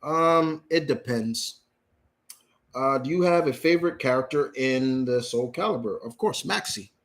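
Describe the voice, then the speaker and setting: Young guy hosting a live question stream, mid-pitched, reads questions out, answers blunt and easygoing. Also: measured pace, a bit bright. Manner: reads viewer questions aloud then answers casually and bluntly. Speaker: host answering viewer questions. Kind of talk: live Q&A chat.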